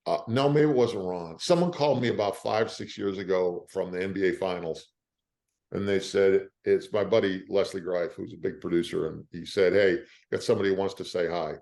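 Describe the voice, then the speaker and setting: An older man with a lowish voice tells stories in a relaxed interview. He is animated and often jumps into the voices of the people in his stories. His delivery is casual and conversational. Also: normal speed, creaky. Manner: animated storyteller who acts out the quoted lines of others. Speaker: actor, interview guest.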